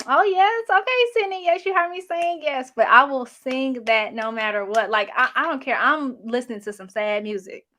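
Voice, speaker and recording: Reading live chat on her casual stream, this young adult woman host is chatty, sassy, and full of slang. Her voice is high-pitched and sharp, moving at normal speed with few pauses.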